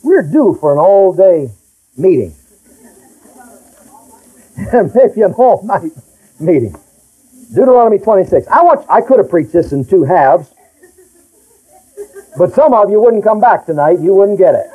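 A man's voice: high voice, big pitch swings, a little slow, long pauses, mellow, low-quality recording. A middle-aged male pastor preaching a folksy, emphatic sermon and reading scripture aloud.

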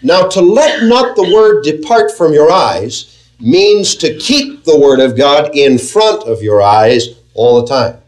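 High-voiced man preaching a sermon. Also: very animated, darkish tone, poor audio. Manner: earnest, measured preaching with rhetorical questions to the congregation. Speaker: pastor.

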